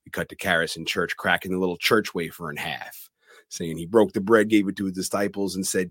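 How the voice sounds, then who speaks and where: A man co-hosting a casual podcast, retelling film scenes in a plain, steady way. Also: low-pitched, fairly quick, husky, no room sound, studio quality. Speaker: podcast co-host.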